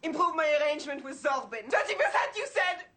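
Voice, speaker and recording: Brief: a scornful, fed-up female magician's assistant, high-pitched, theatrical TV horror drama. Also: very animated, fast, sharp tone, a little hiss or hum, full character voice. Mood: bitter, accusing. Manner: scornful, accusing, theatrical delivery.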